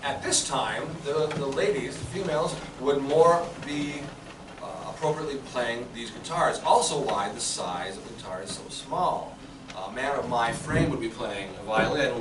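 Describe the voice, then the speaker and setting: A man's voice: mid-range voice, noisy background. A man, a living history performer, chatting loosely to visitors about an old song, with fillers and restarts. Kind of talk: casual historical talk to visitors. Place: small historic clerk office indoors. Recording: echoey room, from far off, loud guitar.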